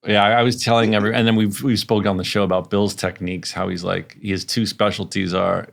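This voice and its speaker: A man's voice: on the low side, flat delivery, fast, gravelly, fairly bright tone. A man co-hosting a podcast in casual chat, telling stories animatedly and acting out other people's lines. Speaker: podcast co-host.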